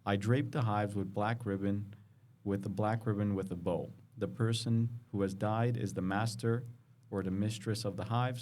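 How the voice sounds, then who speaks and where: A man's voice: on the low side, steady tone, moderate pace, a little mellow. A man co-hosting a podcast, casually reading a news story aloud and often stumbling and correcting himself. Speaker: podcast co-host.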